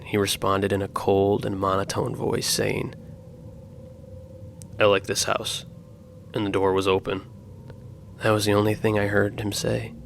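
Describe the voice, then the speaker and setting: Gravelly low-voiced man narrating horror. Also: slight background noise.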